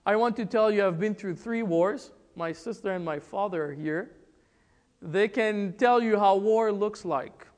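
A man from the Republic of the Congo preaching a sermon, emphatic and full of rhetorical questions and pauses. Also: high-pitched. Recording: long church-hall reverb.

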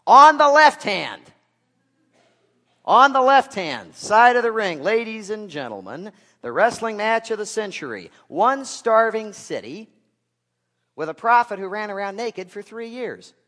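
A man putting on a loud male boxing-ring announcer voice, calling out the fighters with drawn-out hype. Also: high voice, very animated, pitched above the performer's own voice, full character voice. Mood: hyped. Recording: long hall reverb.

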